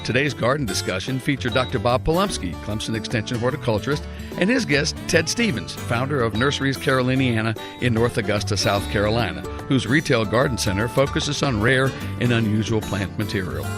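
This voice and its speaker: A radio announcer reads the show's scripted closing in a measured, mid-pitched voice. Clear guitar music plays beneath him. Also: male voice, expressive. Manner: smooth, measured read. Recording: music bed under the voice.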